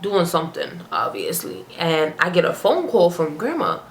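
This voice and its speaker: A woman's voice: lowish voice, moderate pace, slight background noise. Chatty young woman telling a story. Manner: chatty, animated, slangy storyteller who breaks into character voices. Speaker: vlogger. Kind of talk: casual storytime vlog. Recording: roomy echo, faint ambience.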